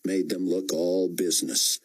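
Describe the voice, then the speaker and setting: Deep husky male audiobook narrator. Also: level tone, a little slow, low-quality recording. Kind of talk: scripted narration.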